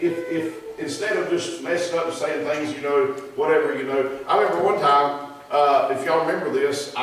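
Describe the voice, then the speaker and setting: A middle-aged man with a Southern US accent preaching a sermon as pastor, folksy and self-deprecating, rambling through asides. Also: a little high. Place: church sanctuary. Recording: very echoey church room, mic far off, faint hiss.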